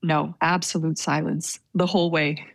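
A woman with a fairly low voice tells a story in an easygoing, hesitant way. Her delivery is self-deprecating and full of fillers. The sound is dry and close. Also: little pitch movement, normal speed, gravelly, dry recording. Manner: hesitant, self-deprecating, laughs while telling. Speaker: interviewee telling a story. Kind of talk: casual storytelling.

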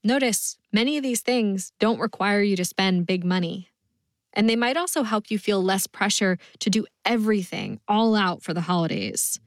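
A woman's voice: mid-range voice, moderate pace, no echo, studio quality. Woman hosting an upbeat explainer podcast. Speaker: podcast host. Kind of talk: scripted narration.

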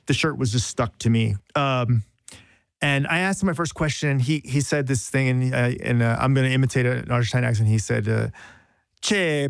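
A man's voice: medium pitch, smooth, no room sound, clean studio sound. A man, a journalist, telling a self-deprecating story on a podcast in a rambling, casual way with frequent restarts.

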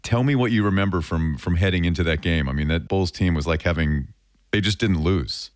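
A man conducting a conversational interview, asking questions and reacting in an animated way. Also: sits low, brisk.

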